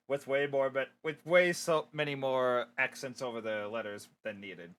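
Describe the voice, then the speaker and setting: A man's voice: mid-range voice, normal speed, hardly any pauses, a bit bright. A man reading his own storybook aloud on a stream, with chatty, joking asides to viewers.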